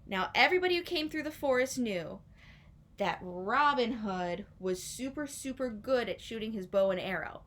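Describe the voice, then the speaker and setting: A woman telling a story to young children, playful and animated, inviting listeners to join in. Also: fairly high pitch, moderate pace.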